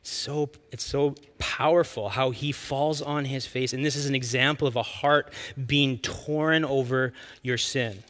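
A man delivers a sermon with a bright, forceful voice. He preaches earnestly and expressively, drawing out important lines for emphasis. His voice sits at an ordinary pitch for a man. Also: steady tone, unhurried, few pauses. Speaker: pastor.

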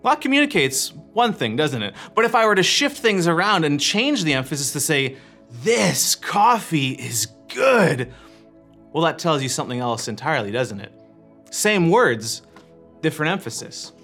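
A man preaching a sermon as a church pastor, earnest, shifting his emphasis and letting phrases fall quiet at the end. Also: fairly high pitch, big pitch swings, fairly quick, soft background music. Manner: earnest, varies emphasis and pace, drops to quiet endings.

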